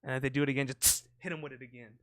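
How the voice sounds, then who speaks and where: A man's voice: mid-range voice, fairly even intonation, racing, fairly bright tone, no room sound, studio quality. A man co-hosting a podcast, rambling in casual, profane banter and acting out sound effects. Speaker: podcast co-host. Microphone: close podcast mic.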